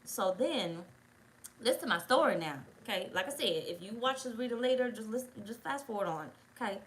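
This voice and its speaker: Fast-talking, blunt, profane woman. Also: on the high side, lively intonation, slight background noise, rough recording. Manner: blunt, profane, rambling storytelling. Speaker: tarot reader. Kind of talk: casual story time.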